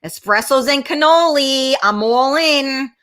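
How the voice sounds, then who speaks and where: A woman's voice: high-pitched, unhurried, fairly bright tone. A middle-aged woman hosting a casual live-stream chat, blunt and brash, swearing freely as she reads viewer comments. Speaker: talk show host.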